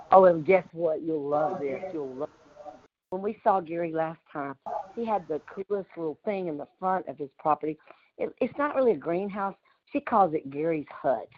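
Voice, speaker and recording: A woman's voice: low-pitched, slight background noise. Southern woman, talkative storyteller, muffled call-line sound. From Louisiana. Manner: chatty, animated storytelling with frequent laughs. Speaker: community call participant. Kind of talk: casual group call chat. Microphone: remote call audio.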